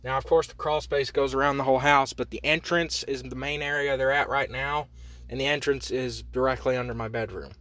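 A man's voice: mid-range voice, steady tone, a little fast, a bit bright. A man from Indiana hosting a solo comedy podcast, ranting in a profane, rambling, sarcastic way. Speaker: podcast host.

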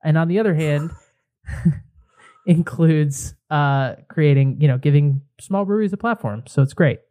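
A man co-hosting a beer podcast in casual chat, easygoing and halting as he talks. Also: a little high, dark tone. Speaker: podcast co-host.

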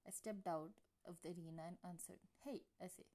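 A woman's voice: lowish voice, fairly even intonation, quick pace, mellow. Woman reading a story in first person. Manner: first-person narration with casual slips and restarts. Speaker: reader. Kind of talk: reading fan fiction aloud.

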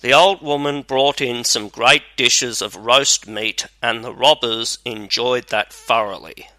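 Slow bright-voiced male storyteller. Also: mid-range voice, no echo. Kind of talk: scripted fairy tale narration.

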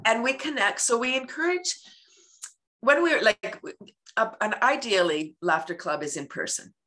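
A woman's voice: fairly high pitch, expressive, normal speed, bright, forceful tone. A woman guest talking about laughter yoga in an interview, acting out everyday scenes and laughing often. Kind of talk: casual interview talk.

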